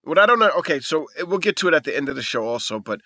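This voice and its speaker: A man co-hosting a podcast, animated and quick to laugh, repeating phrases in a casual chat. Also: on the high side. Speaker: podcast co-host.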